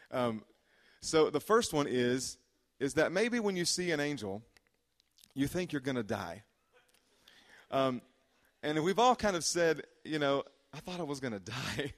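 A male pastor preaches in a casual, joking way, dropping in frequent "uh"s between his points. His medium-pitched voice carries a long reverb from the church hall around him. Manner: conversational and joking, with frequent "uh" fillers. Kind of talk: sermon.

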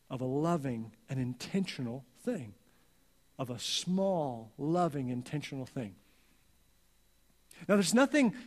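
A male pastor preaching a sermon earnestly, going soft and slow on key lines. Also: sits high. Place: church sanctuary. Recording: long reverb of a church hall.

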